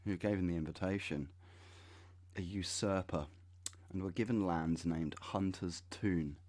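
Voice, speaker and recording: A man in his thirties with a deep, low-pitched voice talks slowly as he reads web pages aloud. He breaks off now and then with dry, sarcastic remarks, in the manner of a channel host giving a commentary. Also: darkish tone. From United Kingdom. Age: 30s. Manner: wry, sarcastic asides.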